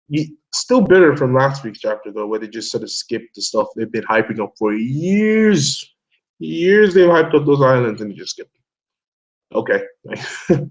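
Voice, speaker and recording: Excitable, foul-mouthed man rambling casually. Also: mid-range voice, poor audio. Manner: excitable, swears often, laughs a lot, talks himself in circles. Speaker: host of an online discussion hangout.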